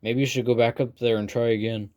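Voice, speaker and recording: A man's voice: mid-range voice, level tone, fairly quick, darkish tone, lo-fi sound, close to an everyday voice. A man voicing a taunting teenage boy bully who mumbles his jeers in an audiobook reading.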